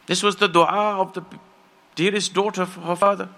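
A man's voice: high voice, flat delivery, moderate pace, vocal fry, bright, forceful tone. A man preaching a sermon, telling stories with passion and acting out the voices of the people in them. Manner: impassioned storytelling, acts out quoted voices.

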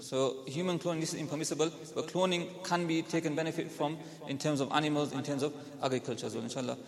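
A man giving a religious ruling to an audience, repeating his points in a measured way. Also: a little high, fairly even intonation, creaky. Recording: distant mic in an echoey hall with a crowd.

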